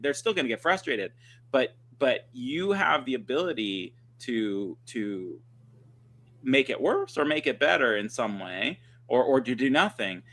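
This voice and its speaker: A man speaking as a guest dog trainer on a livestream, telling stories in an animated, conversational way with quick restarts. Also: mid-range voice. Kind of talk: casual conversation. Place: livestream video call.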